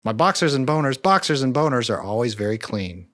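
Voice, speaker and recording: A man's voice: medium pitch, lively intonation, brisk, a bit bright, dry recording, studio quality. A man co-hosting a film-review podcast, rambling through a casual chat, laughing often and correcting himself. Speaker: podcast co-host.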